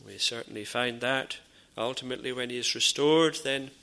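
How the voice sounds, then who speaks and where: Gravelly-voiced preacher with a bright edge. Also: male voice, medium pitch. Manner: earnest, measured preaching with frequent "uh" pauses and repeated phrases; drops to a near whisper in dramatised dialogue. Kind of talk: sermon.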